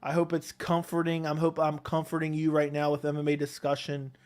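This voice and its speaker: A man hosting a casual live stream at home, reading chat questions and answering them in a relaxed, rambling way on a close desk mic. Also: on the high side, brisk. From Connecticut, USA. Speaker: MMA YouTube host reading live chat. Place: home, seated in a chair. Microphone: close desk microphone.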